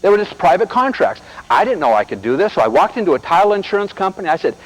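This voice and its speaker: A man's voice: sits high, fast, poor audio. A middle-aged American man giving a motivational seminar talk, telling stories and speaking straight to the audience. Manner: animated storyteller addressing the audience directly.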